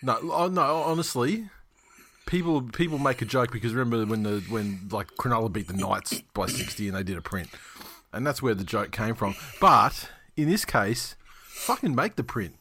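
A man's voice: medium pitch, lively intonation, normal speed, pushed and bright, breathy edge. A man hosting a casual sports podcast, rambling and swearing as he chats. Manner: rambling, profane, laughing. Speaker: podcast host.

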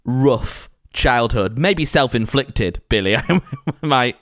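A man hosting an interview, asking measured, probing questions. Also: mid-range voice, lively intonation, fairly bright tone, dry recording, clean studio sound. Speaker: interview host.

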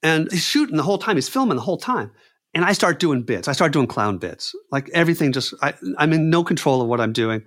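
A man with a somewhat high voice tells a personal story. He is animated and often repeats words and phrases as he goes. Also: quick pace. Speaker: clown performer telling a story.

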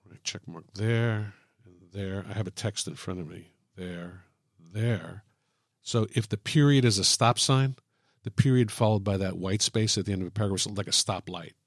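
A man teaching writing, talking thoughtfully and illustrating each point with examples in a relaxed podcast chat. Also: on the low side, no room sound, studio quality. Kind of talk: explaining on a podcast.

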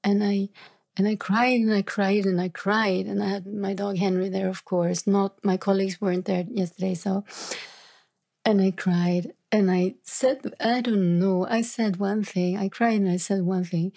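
A woman talking through a recent hard day in a reflective, halting monologue, sometimes dropping into whispery asides. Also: medium pitch, steady tone, gravelly, warm tone. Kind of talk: personal confessional monologue.

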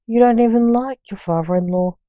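A woman's voice: on the high side, fairly quick, mellow, no echo, studio quality, voice pushed up, lightly acted. A woman voicing a curt, overbearing male boss in a storybook reading, snapping out orders. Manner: snappish, commanding.

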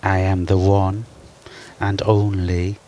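A mischievous, creepy castle jester speaks from a talking portrait. His voice sits very low, the words drawn out slowly, with a put-on Welsh accent and a theatrical relish, as heard in a reality TV clip. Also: level tone, mellow, lo-fi sound, a little hiss or hum. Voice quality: slow, drawling, theatrical.

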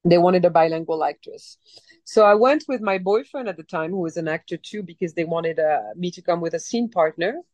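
A woman in her forties with a light French accent, telling her story as a guest in a casual interview, animated and rambling, with many restarts. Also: on the low side, a little fast, no room sound. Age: 40s. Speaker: actress guest.

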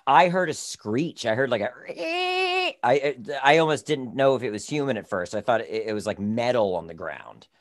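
A man's voice: medium pitch, moderate pace, few pauses. A man in a casual chat, thinking aloud as he answers quiz questions.

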